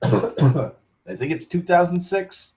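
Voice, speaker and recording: Rambling, profane young man, slightly high voice. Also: slow, poor audio. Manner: rambling, profane, self-correcting, excitable. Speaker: internet talk show host. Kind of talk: rambling casual monologue.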